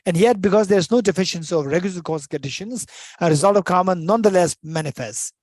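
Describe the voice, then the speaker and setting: A man's voice: high voice, darkish tone, no echo. A man teaching Buddhist philosophy in English, repeating phrases and restarting as he explains. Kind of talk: dharma teaching.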